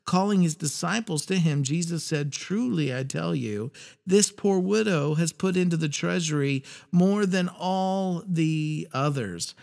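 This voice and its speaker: A man hosting a faith podcast, talking earnestly and reading scripture passages aloud with pauses. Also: on the high side, vocal fry, a little mellow. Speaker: podcast host. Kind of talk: reflective faith podcast talk.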